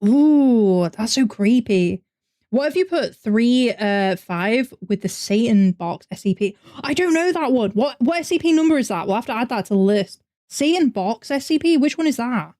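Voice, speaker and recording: A woman's voice: fairly high pitch, animated, moderate pace, dark tone. A young woman with a northern English accent, chatting animatedly on a live reaction stream and answering her chat. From north of England. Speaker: VTuber streamer.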